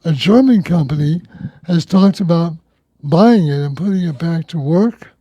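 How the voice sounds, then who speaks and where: A man's voice: on the high side, lively intonation, normal speed, warm tone, no echo. A man hosting a local talk radio show, reading news items in a conversational, wry way.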